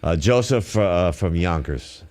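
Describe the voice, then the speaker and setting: A man's voice: low-pitched, animated, unhurried, a little mellow. A man hosting a radio talk show in casual, joking chat, often talking over his guests.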